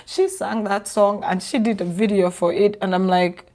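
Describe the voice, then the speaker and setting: A woman's voice: mid-range voice, fairly even intonation, normal speed, darkish tone. A young woman from Uganda, a vlogger giving sarcastic casual commentary with a lot of laughing.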